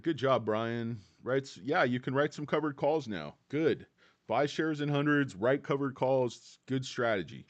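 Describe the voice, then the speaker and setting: A man's voice: mid-range voice, a little slow, dry recording, muffled recording. A tired man from California's Central Valley hosting a casual stock livestream, rambling and joking with plenty of fillers. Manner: rambling, jokey, many fillers.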